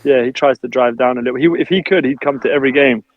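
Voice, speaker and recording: Casual male podcast guest, quick chatty talk, dull dry call audio. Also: medium pitch, fairly even intonation. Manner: chatty, laughing, acts out family quotes. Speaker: podcast guest, basketball player. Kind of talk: casual interview chat.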